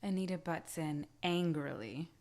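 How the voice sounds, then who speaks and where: A woman's voice: low-pitched, measured pace, a little mellow. A woman playing a tabletop game, playfully describing her character's actions. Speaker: player.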